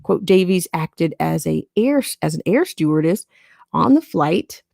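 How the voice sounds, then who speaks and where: Her voice is low, gravelly and dark, animated yet unhurried, as this podcast host reads out a news article. She keeps interrupting the quotes with sarcastic remarks, recorded at studio quality without echo.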